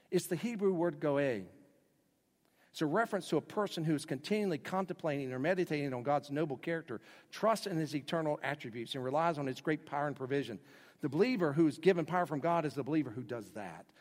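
A man preaching a sermon as pastor, dramatic, swinging between loud bursts and hushed lines. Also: medium pitch, long reverb tail.

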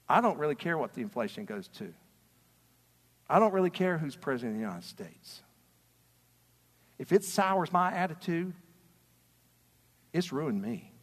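A man preaching a sermon as a pastor, passionate and swinging between quiet talk and shouting. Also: mid-range voice, breathy edge, big-room sound. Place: church sanctuary.

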